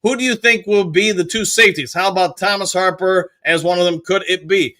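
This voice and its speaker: A man hosting a live fan stream, reading viewer comments with upbeat, rapid shout-outs. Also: high-pitched. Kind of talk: casual live chat reading.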